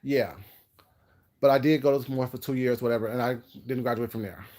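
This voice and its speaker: A man's voice: mid-range voice, fairly even intonation, quick pace, a little mellow. A man vlogging in a casual storytelling style, rambling between topics with a brash, sassy, self-assured manner. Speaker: food vlogger.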